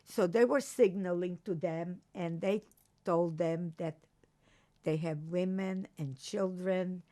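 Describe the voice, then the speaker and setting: An older woman from Croatia giving an oral history testimony, recalling events slowly with halting restarts. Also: on the low side, steady tone, dark tone. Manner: slow, halting recollection with restarts. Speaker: interviewee.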